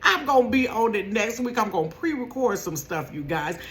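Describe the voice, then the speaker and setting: A woman in her fifties telling a casual storytime vlog from her bedroom, animated and laughing, acting out quotes in a high voice and sometimes dropping to a whisper. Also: normal speed, slight background noise. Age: 50s. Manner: drops to a whisper at times.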